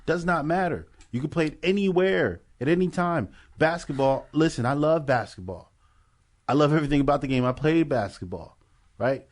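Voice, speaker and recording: An American man co-hosting a podcast, ranting in a heated, profane way in casual chat while high. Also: expressive, normal speed. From United States. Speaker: podcast co-host.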